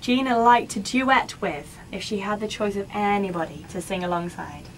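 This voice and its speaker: A woman's voice: medium pitch, normal speed, a little hiss or hum. A woman with an English accent presenting local radio from a studio, with chirpy, polished patter.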